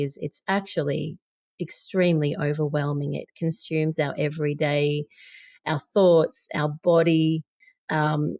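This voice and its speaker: Woman, 40s, low and gravelly, dry sound; podcast guest sharing a painful story candidly. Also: a little mellow, no echo. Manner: emotional, candid, quoting others. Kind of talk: personal story in interview.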